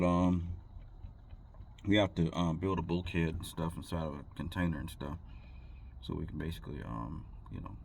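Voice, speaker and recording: A man's voice: low voice, vocal fry, darkish tone, a little hiss or hum. A man, a truck driver, telling a story in a rambling, casual way and laughing between thoughts.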